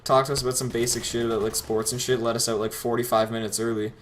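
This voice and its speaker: A man's voice: mid-range voice, flat delivery, fast, slight background noise. A teenage boy casually telling stories over gameplay, rambling, sarcastic and swearing freely. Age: teens. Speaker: gameplay commentator.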